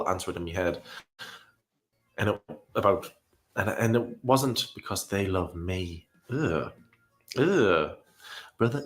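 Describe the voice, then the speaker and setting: Male commentator, low voice, rambling reaction talk, wry and sighing. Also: a bit bright. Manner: rambling, self-deprecating, frequent ums and sighs.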